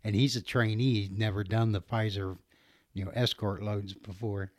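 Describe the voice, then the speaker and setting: A man's voice: on the low side, fairly even intonation, normal speed, dry recording, clean studio sound. A middle-aged man casually telling a rambling story about his trucking job, laughing often and restarting his sentences.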